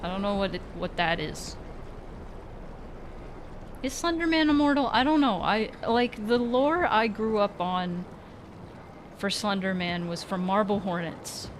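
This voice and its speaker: A woman's voice: medium pitch, a little slow, pauses often, noisy background. A woman casually commenting while playing a horror game, sarcastic, swearing often and sometimes faking scared squeals. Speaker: gaming streamer. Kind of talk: casual let's-play commentary.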